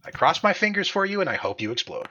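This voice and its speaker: A man running a tabletop game as game master on a live stream, goofy and animated, laughing often, on a slightly dull mic. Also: high voice, fast talker, slight background noise.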